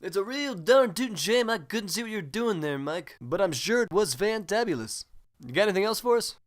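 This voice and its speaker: A man playing a smug, high-voiced spoof anchorman. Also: expressive, brisk. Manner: cheesy anchorman patter, boastful. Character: smug, self-obsessed male spoof-news host. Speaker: host. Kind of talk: comedy sketch acting.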